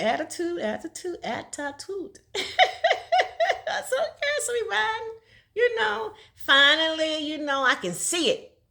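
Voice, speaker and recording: A woman's voice: fairly high pitch, bright, forceful tone. A middle-aged woman telling a casual, folksy story in a vlog, laughing often between lines. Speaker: vlogger.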